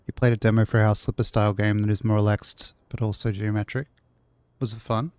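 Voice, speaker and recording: A man's voice: lowish voice, level tone, fast talker, clear, resonant tone, no room sound. A man live-streaming a city-building game, chatting casually and rambling to his chat while he plays.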